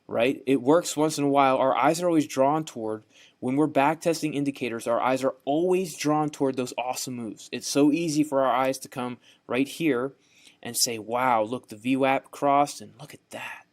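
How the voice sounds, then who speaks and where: A man's voice: medium pitch, normal speed. Southern man teaching a trading course. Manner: repetitive, folksy, says "right?" often. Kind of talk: screen-share tutorial narration.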